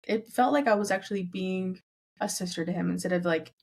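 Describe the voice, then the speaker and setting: A woman's voice: mid-range voice, a little fast, a little mellow. Young woman, Southern California, casual podcast guest, chatty and filler-heavy. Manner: chatty, heavy use of "like", acts out family members' lines. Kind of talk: casual chat.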